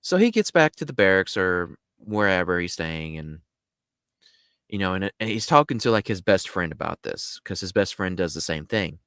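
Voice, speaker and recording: A man tells a story in a casual, rambling way, his pitch swinging lively up and down. He slides between "like" and "you know" and mimics others in high, squeaky tones. The sound is close and dry, with no room around it. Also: normal speed, smooth, dry recording. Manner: animated, acts out others' lines in squeaky high voices; loose, full of "like" and "you know". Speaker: podcast storyteller.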